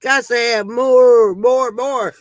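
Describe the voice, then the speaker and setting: A woman's voice: fairly high pitch, fairly even intonation, takes it slowly, dry recording, poor audio. A woman hosting a casual livestream, chatting with viewers, greeting them by name and telling corny jokes. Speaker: livestream host.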